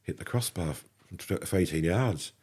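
English male guest, low and husky, chatty anecdote teller voicing the other people. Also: moderate pace. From England. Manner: animated anecdote teller, acts out dialogue. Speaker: podcast guest. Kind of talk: casual storytelling.

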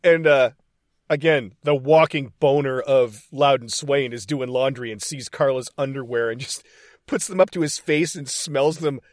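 A man co-hosting a casual film podcast, retelling scenes in a profane, animated way. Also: mid-range voice, moderate pace, no room sound, studio quality. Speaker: podcast co-host.

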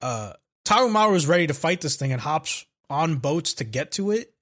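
A man with a voice pitched a bit high chats casually on a podcast, recapping an anime with crude jokes and acted-out character lines. He swears freely and keeps it loose. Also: big pitch swings, moderate pace, fairly bright tone. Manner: profane, joking, acts out characters' lines. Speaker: podcast co-host.

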